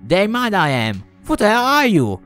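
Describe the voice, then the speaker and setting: Casting: man voicing a hysterical young man, high-pitched, loud, panicking. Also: wildly swooping pitch, quick pace, faint music behind. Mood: panicked. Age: young adult. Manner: frantic, shouting, terrified. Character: panicked young man trapped in own body.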